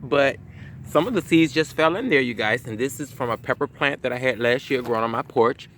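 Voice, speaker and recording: A man casually vlogging about his garden outdoors, talking excitedly to his viewers into a phone camera. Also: medium pitch, a little fast, slight background noise. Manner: excitable, chatty, keeps saying "y'all".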